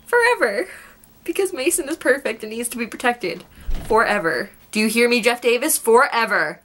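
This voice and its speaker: A young woman raves about a show in a casual vlog, excitable and gushing like a devoted fan. Her voice sits high and sounds bright and forceful. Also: quick pace. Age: young adult. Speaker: guest vlogger.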